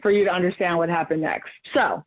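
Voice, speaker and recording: Expressive woman in her forties telling a story. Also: fairly quick, no room sound. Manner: expressive, acts out quotes with big pitch jumps. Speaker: podcast guest. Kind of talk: animated personal storytelling. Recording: dull lo-fi recording.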